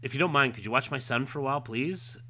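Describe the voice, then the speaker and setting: A man's voice: medium pitch, quick pace, sharp tone, slight background noise, lightly acted. A man reading aloud the lines of an earnest young superhero father protecting his son. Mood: pleading.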